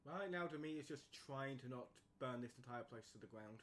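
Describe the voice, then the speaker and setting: A man's voice: mid-range voice, lively intonation, a little fast. A man chatting offhandedly as a player in a tabletop game.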